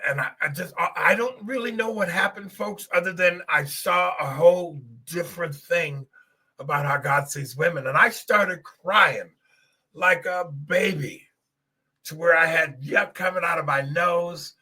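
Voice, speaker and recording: A man's voice: fairly high pitch, a little slow, bright, forceful tone, breathy edge. A middle-aged man hosting a podcast, telling a personal testimony in an earnest, emotional way and speaking straight to his listeners. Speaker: podcast host.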